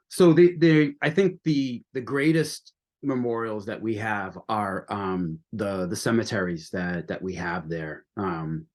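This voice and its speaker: A man from the United States talking casually as a podcast guest, rambling with many restarts. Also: mid-range voice. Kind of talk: casual conversation.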